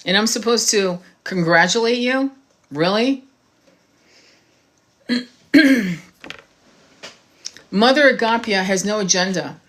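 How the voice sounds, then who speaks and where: A woman's voice: medium pitch, takes it slowly, pauses often, fairly bright tone. A woman tarot reader giving an impassioned monologue to her viewers, blunt and heated, swearing freely.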